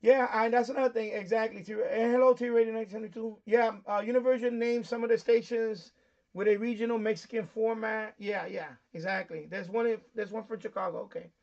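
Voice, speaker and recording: Gravelly high-voiced New man. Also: steady tone, a little fast, a little mellow, lo-fi sound. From New York, USA. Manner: rambling, explains things with many fillers. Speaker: shortwave radio live stream host. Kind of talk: casual live stream chat.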